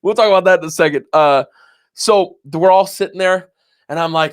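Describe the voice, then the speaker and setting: In a casual podcast chat, a co-host in his twenties tells a story and acts out how he once reacted. His voice is high, clear and resonant, and he speaks fairly quickly.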